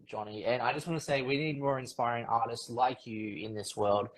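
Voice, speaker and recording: A man's voice: medium pitch, steady tone, a little fast, few pauses, low-quality recording. Earnest effusive male host. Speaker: interview host. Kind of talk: casual interview.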